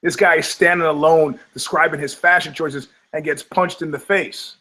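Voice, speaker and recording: Pitched fairly high and moving at a moderate pace with hardly any pauses, this older man's voice carries his talk show. As a podcast host, he rants loosely and profanely, bringing his stories to life by performing the quoted voices.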